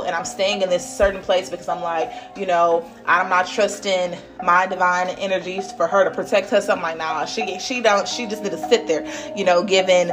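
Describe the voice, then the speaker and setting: Blunt chatty woman giving a reading. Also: lowish voice. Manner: blunt, chatty, swears, laughs often. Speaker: tarot reader. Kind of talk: casual spiritual reading.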